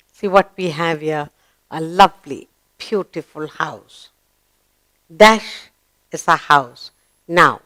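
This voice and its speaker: A woman's voice: on the high side, a bit bright, clean tone. A woman teaching young children a grammar lesson, asking questions and praising each answer.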